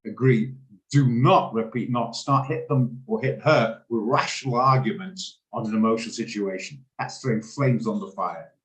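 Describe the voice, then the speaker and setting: A man's voice: mid-range voice, normal speed, roomy sound, rough recording. A man hosting a trading room on a video call, talking casually and emotionally, rambling and laughing as he goes.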